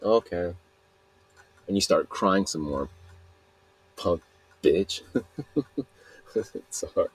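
A man's voice: low-pitched, slow pace, pauses often, husky. A young man from Utah rambling through a solo podcast monologue, self-mocking and trailing off mid-sentence. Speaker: podcast host.

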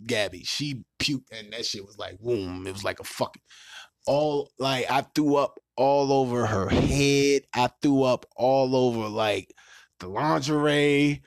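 An adult man with a child hosts a podcast, telling a crude dating story in casual, profane chat while laughing and mimicking other people. His mid-range voice is a little slow with vocal fry, recorded as clean studio sound with no echo.

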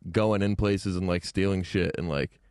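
A laid-back man in casual podcast talk, wry about his own past. His voice is on the low side. The recording is very dry. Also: fairly even intonation, moderate pace, a little mellow, clean tone, dry recording. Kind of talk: casual chat.

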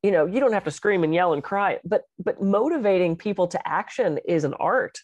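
A woman talking as a podcast co-host and speaker, animated and expressive as she tells stories in casual chat. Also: fairly low pitch, fairly quick, no room sound, lo-fi sound.

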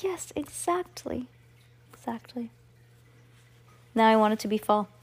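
A woman's voice: on the high side, expressive, a little slow. Playful woman reading a storybook. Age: adult. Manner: playful, chatty asides to a child. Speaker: podcast host reading aloud. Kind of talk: reading a children's book aloud.

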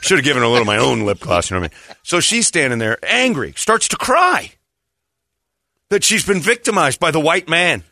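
A man tells a story in casual conversation, speaking a little fast. He's animated, acting out the people he quotes in a raised pitch. The sound is clean studio audio with no room sound.

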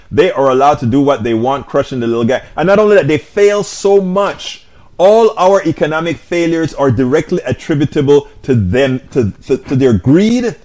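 A man's voice: medium pitch, darkish tone. A man hosting a live commentary stream, answering viewer comments with rhetorical questions. He argues loosely, often restarting his sentences as he thinks aloud. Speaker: host reading viewer comments.

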